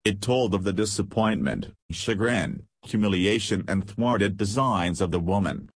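A man narrating an audiobook in a steady, measured reading. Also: on the low side, husky, no echo.

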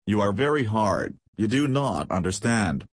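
Storybook society lady, haughty yet pleading, low and hurried, husky tone, dry close sound, voiced by a male reader. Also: very animated, no room sound, heavily acted. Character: proud, beautiful young society woman.

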